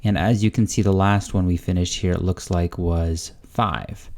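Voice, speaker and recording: A young man hosting a casual tutorial, chatty and relaxed, thinking aloud as he clicks through a lesson. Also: deep voice, normal speed. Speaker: language-learning channel host. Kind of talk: casual screen-recorded tutorial.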